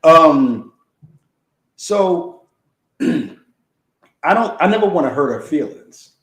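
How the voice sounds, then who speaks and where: A man's voice: fairly high pitch, lively intonation, extremely slow, a bit bright. A man in casual conversation, talking reflectively and colloquially about his marriage and how he holds back his feelings. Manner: reflective, colloquial, thinks aloud. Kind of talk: casual chat. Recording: roomy echo.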